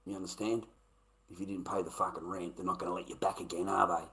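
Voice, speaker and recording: Fast and flat, a middle-aged Australian livestreamer tells stories in a low, sharp-toned voice. He swears, rambles, and laughs through the casual rant, on a low-quality recording.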